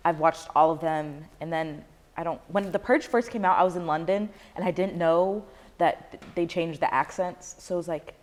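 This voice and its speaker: A playful, teasing woman in casual chat, her voice sitting a little low. She is recorded in a room with a long, ringing echo. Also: moderate pace. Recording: echoey room.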